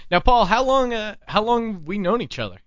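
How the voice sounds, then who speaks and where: A man's voice: high voice, sing-song, a little fast, dry recording, muffled recording. A man hosting a casual talk show, telling rambling stories with plenty of restarts. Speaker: podcast host. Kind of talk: casual chat.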